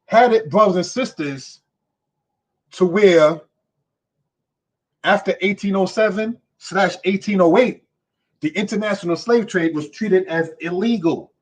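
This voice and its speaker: This man's voice sits high, and he speaks a little slowly with frequent pauses while teaching history in a forceful, sermon-like way. "You understand?" and "brothers and sisters" come up again and again as he checks in with listeners.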